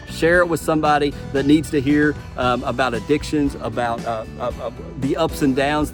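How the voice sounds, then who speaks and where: A man telling his personal testimony in a vlog, speaking earnestly and from the heart, often restarting his sentences. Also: medium pitch. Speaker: vlogger.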